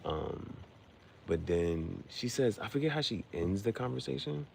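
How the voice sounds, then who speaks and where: A man with a very deep, gravelly voice rambles through a movie recap, full of slang and asides. He tells it like casual chat with a friend, and a faint hiss sits under the recording. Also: a little slow. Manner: slangy, rambling, animated storytelling. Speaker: podcast host.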